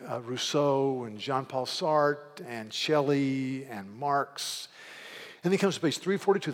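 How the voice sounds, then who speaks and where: Guy preaching a sermon, gets loud and pleading then drops low for stories, long echo off the hall. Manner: swings from loud fervent pleading to quiet storytelling. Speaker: pastor.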